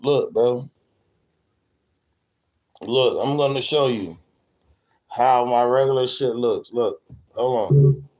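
A man's voice: medium pitch, slow pace, pauses often, a little mellow, dull audio. A man livestreaming, rambling crudely and repeating himself while he talks straight to his chat. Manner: profane, repetitive, talks to chat. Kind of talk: crude rambling stream rant.

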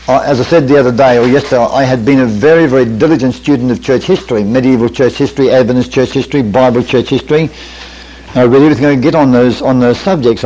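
A man's voice: mid-range voice, a little mellow, dull audio. An older man, preaching at a camp meeting in a folksy storytelling way with self-deprecating asides, in a 1980s recording. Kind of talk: sermon storytelling. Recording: 1980s radio-quality recording.

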